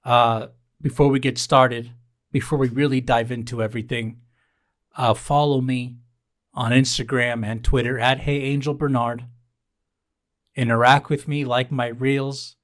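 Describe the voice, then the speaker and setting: A young man hosts his own show in a rambling solo monologue, sardonic and exasperated by turns. He swears freely and hammers the same line twice for effect. His voice sits in an ordinary middle pitch. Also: level tone, measured pace. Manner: sardonic, exasperated rants with mock-pleading asides; profane, repeats lines for emphasis. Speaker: podcast host.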